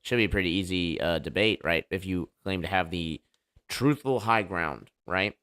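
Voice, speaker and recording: Man, deep voice, livestream host, joking banter, casual hype talk. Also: animated, normal speed, a bit bright. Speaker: livestream debate show host.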